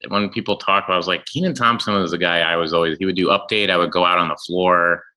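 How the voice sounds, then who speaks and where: A middle-aged man, a comedian guest, chatting casually and telling animated, rambling stories. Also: low voice, quick pace, poor audio. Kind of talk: casual chat.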